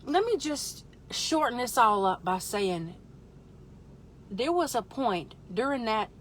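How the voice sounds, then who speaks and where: A woman hosting a live stream, telling a comic story in an animated, exaggerated way with voiced asides. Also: a little high, slow pace, slight background noise. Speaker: livestream host.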